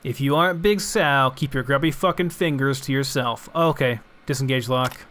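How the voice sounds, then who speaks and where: A man's voice: mid-range voice, moderate pace, fairly bright tone. A young man casually commenting on his game, musing aloud and swearing now and then. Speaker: gamer.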